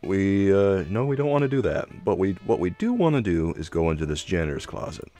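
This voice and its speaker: A man's voice: low voice, big pitch swings, a little fast, dark tone. A man from the United States giving casual, joking commentary as he plays through an old adventure game. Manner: chatty, joking with viewers. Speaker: let's play host.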